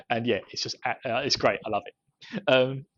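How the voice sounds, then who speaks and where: A man's voice: mid-range voice, unhurried, a bit bright. A man co-hosting a podcast, casually recapping a book chapter and chuckling often as he goes. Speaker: podcast co-host. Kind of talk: casual book discussion chat. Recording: dull lo-fi podcast audio.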